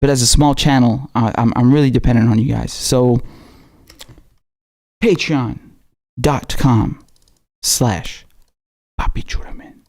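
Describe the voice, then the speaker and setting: A man hosts a relaxed political livestream with a mellow, warm tone. He talks off the cuff to his viewers, repeating himself and dropping slangy asides. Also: mid-range voice, measured pace, long pauses. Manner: loose and chatty, with slangy asides and self-repetition. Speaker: political commentary livestream host. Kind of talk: casual livestream chat.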